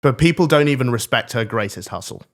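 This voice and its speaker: A man's voice: mid-range voice, lively intonation, fast talker. A man co-hosting a podcast, bragging and joking crudely in casual banter. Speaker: podcast co-host.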